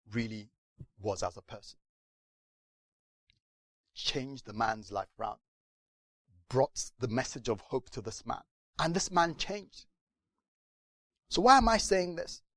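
Preaching a sermon, a man brings his stories to life with animated delivery and acted-out voices. His voice is mid-range, and the recording has no echo.

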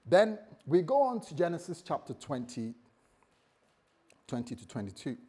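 A man's voice: a little high, big pitch swings, moderate pace, dark tone, breathy edge. A man preaching a sermon as a pastor, conversational and jokey, often laughing at himself.

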